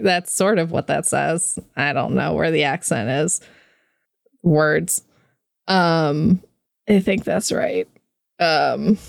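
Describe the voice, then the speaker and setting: Slow-talking woman podcast co-host. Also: sits low, creaky, dry recording, studio quality. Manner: chatty, filler-heavy, laughs often. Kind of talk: casual chat and reading lore aloud.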